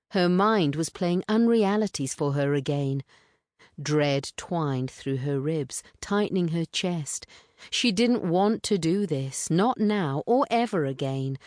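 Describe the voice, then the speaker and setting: A woman reading literary fiction aloud as an audiobook narrator, in a measured, even way. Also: low voice, dry recording, studio quality.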